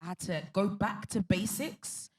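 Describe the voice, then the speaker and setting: A woman's voice: mid-range voice, unhurried. A woman speaking on a conference panel, telling a candid personal story in an earnest, emphatic way. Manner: earnest, emphatic, faith-filled.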